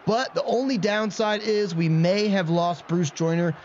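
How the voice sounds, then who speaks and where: A man hosting let's-play commentary of a video game, excitable and quick to rant at himself in frustration. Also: sits high. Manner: excitable, swings into frustrated self-mocking rants. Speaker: gaming channel host. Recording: muffled lo-fi audio with faint background noise.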